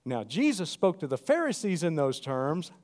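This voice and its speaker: A middle-aged man preaching a sermon, animated and calling out to the congregation. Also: a little high, moderate pace. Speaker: pastor.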